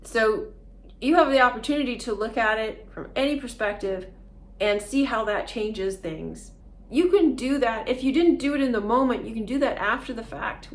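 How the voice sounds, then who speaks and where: A woman vlogger talking casually and earnestly through a self-help idea, often laughing as she explains. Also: a little high.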